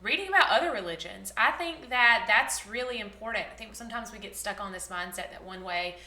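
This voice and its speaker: A woman's voice: mid-range voice, lively intonation, fairly quick, sharp tone, roomy sound. A woman, chatting casually in a rambling, bubbly vlog style. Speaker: vlogger, former teacher.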